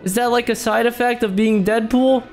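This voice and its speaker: A man playing a would-be hero dad in a Minecraft role-play, excitable and jumpy, exclaiming often. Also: very high voice, normal speed, faint music behind. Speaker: YouTube gamer in role-play.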